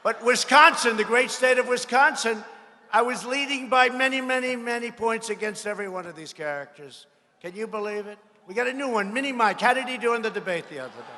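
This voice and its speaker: Boastful man shouting at a rally. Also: extremely high pitch, a little fast. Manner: boastful, mocking, repetitive phrasing; frequent shouted lines to a crowd. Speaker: politician addressing a rally. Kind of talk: campaign rally speech. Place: large rally venue. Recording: long reverb of a large venue.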